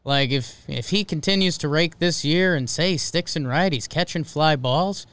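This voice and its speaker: A man co-hosting a casual sports podcast. His voice is smooth and clear, and the mic sounds close and dry. He rambles, stopping and restarting his sentences. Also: on the high side, normal speed, a bit bright, no room sound. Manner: rambling, hesitant, many fillers and restarts. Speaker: podcast co-host.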